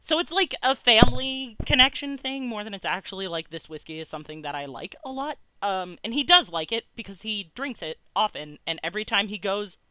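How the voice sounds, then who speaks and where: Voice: medium pitch, animated, brisk, few pauses, pushed and bright, clean tone. A game master chatting casually and recapping the last session, talking loosely with many fillers. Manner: casual, filler-heavy talk.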